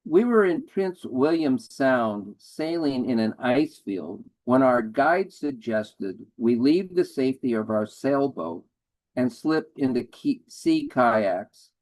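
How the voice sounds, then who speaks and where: A man's voice: medium pitch, animated, slow pace, a little mellow, poor audio. A man in his seventies, a featured poet, giving a poetry reading in a dry, wry manner. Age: 70s. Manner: dry, wry delivery of humorous verse.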